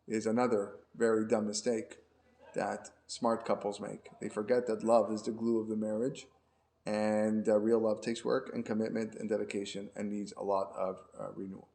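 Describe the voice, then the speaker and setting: A man's voice: fairly low pitch, little pitch movement, normal speed, creaky, mellow. A man who is a rabbi, giving a conversational lecture class and often repeating his words as he explains. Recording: roomy echo.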